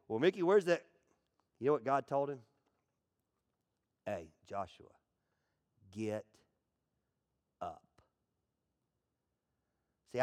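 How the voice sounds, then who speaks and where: A middle-aged male pastor preaching a dramatic sermon, swinging from loud, pleading outbursts to hushed asides and acting out whiny voices. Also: mid-range voice. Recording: long hall reverb.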